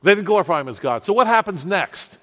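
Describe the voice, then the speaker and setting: A man preaching a sermon with passion, swinging from loud outbursts to hushed asides. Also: sits high, lively intonation, fast talker. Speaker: pastor. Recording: long reverb of a church hall.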